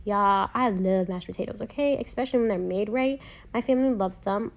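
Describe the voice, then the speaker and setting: A woman's voice: mid-range voice, fairly quick, gravelly. Chatty, joking woman cooking vlogger. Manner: chatty and joking, with playful asides to viewers. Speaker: home cook vlogger. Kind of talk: casual cooking voice-over.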